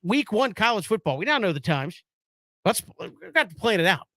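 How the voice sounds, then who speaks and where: High, bright-voiced sports radio host. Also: male voice, normal speed, dry recording. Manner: relaxed, does the show plugs. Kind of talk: casual sports radio talk.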